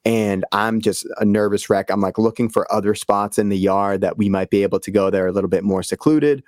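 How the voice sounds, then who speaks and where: A man chats on a podcast, spinning an animated story and swearing freely. His voice sits a little low and is recorded dry and close, with no room sound. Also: fairly quick, no echo. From Boston area. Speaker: podcast guest. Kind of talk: casual podcast chat.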